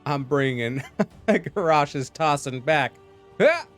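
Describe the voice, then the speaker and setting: A man's voice: on the high side, lively intonation, slow, soft background music. A man casting a live video game match, with goofy, jokey asides between calls. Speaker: esports caster.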